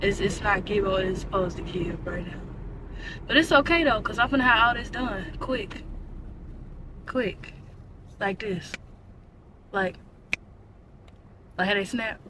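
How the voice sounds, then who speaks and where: A young woman vlogging in her car, ranting in an animated, exasperated way with lots of slang. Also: mid-range voice, unhurried, pauses often, far from the mic, background noise. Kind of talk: casual chat.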